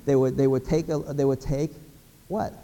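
A man's voice: mid-range voice, steady tone, moderate pace, dark tone, in a large hall. A middle-aged man from Pennsylvania preaching a sermon, folksy, acting out little everyday scenes. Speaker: pastor.

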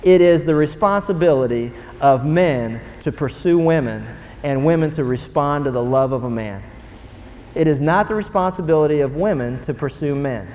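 A young man preaching a sermon, animated and swinging from low, quiet asides to loud, excited bursts. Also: slight background noise. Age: young adult. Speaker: pastor. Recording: long hall reverb.

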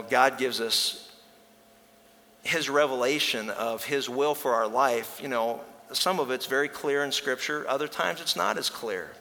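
Bright-voiced preacher man in a reverberant hall. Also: medium pitch. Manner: earnest preaching, slows for emphasis, rises to act out a story. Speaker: pastor. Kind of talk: sermon.

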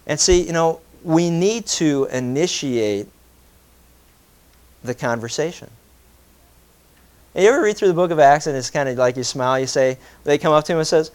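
A middle-aged man preaching a sermon, animated, with jokey asides and rhetorical questions. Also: fairly high pitch, moderate pace, smooth. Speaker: pastor.

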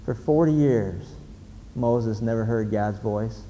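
A man's voice: on the low side, a little slow, mellow. A male pastor preaching a sermon in an emphatic storytelling manner, putting questions to the audience. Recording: reverberant hall, faint background noise.

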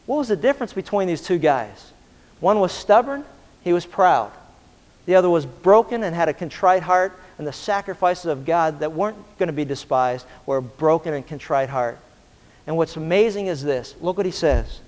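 A man's voice: very high voice, animated, brisk. A man preaching a sermon with impassioned delivery, sometimes acting out the voices of the people in his story. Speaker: pastor. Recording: long hall reverb.

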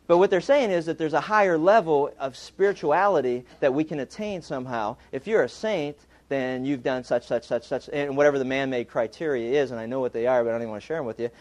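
A man preaching a sermon, telling humorous stories in an animated way. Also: medium pitch, fast, few pauses.

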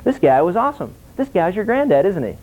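A man teaching a Bible class in an animated sermon style, acting out dialogue and asking his listeners questions. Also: high voice, fast. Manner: animated, acts out dialogue, asks the audience questions. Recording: tinny phone-like lo-fi recording.

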